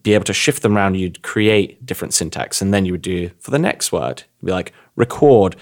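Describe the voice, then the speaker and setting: Deep-voiced English man, chatty. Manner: rambling, animated storytelling with quick asides. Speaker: podcast co-host. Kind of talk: casual conversational podcast.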